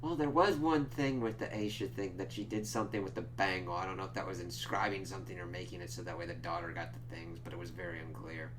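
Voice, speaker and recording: A man's voice: low-pitched, steady tone, quick pace, few pauses, fairly bright tone, a little hiss or hum. A young man giving a casual spoiler review of a TV episode, rambling and sarcastic, swearing constantly. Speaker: TV show reviewer.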